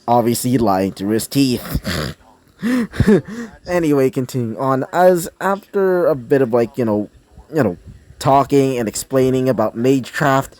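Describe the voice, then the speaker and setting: A man's voice: medium pitch, measured pace, long pauses, darkish tone. A man improvising a fan-fiction story, rambling with many fillers and self-corrections.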